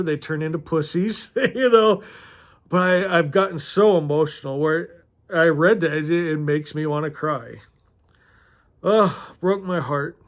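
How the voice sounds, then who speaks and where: Middle-aged man, higher pitch, slow unhurried delivery, emotional casual read-through with asides and laughs. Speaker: host reading a novel aloud. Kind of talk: casual reading with personal commentary.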